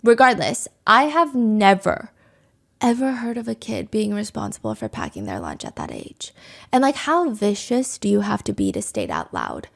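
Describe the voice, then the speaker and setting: A woman hosting a podcast, telling a true crime story in an animated, conversational way with indignant commentary. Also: medium pitch, moderate pace, gravelly. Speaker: podcast host.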